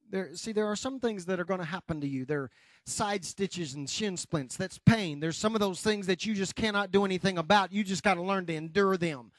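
A male pastor delivers a morning sermon in a very high voice. He is emphatic and swings from quiet asides up to loud, driving exhortation. The sound is dry and close. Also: moderate pace, dry recording. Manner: emphatic, rising to shouts.

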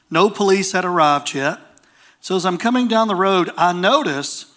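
A man preaching, telling a story with lots of animation. He acts out the people in the story in a high, bright voice that has a sharp edge to it. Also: animated, normal speed. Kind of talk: storytelling sermon.

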